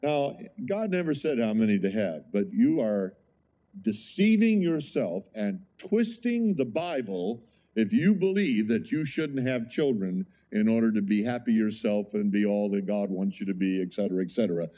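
A man's voice: on the low side, lively intonation, moderate pace, mellow. A male pastor preaching a sermon in an emphatic, conversational way, often asking the congregation rhetorical questions.

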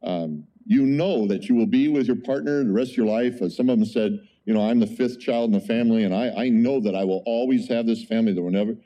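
A man preaching a conversational sermon as a pastor, telling an animated story with frequent exclamations. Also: on the low side, quick pace, few pauses.

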